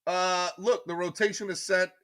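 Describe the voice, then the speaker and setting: A man chats loosely through sports news on a live podcast stream, stopping often to read viewer comments. His voice is bright and forceful. The sound is dry and close, with no room echo. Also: high voice, little pitch movement, normal speed, clear, resonant tone. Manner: chatty, rambling, reads viewer comments aloud. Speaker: podcast host.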